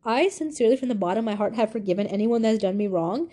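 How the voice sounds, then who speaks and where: An eighteen-year-old woman hosting a podcast, telling a personal story in a confiding, animated way. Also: very fast. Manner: animated, confiding, swings from high to low. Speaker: podcast host.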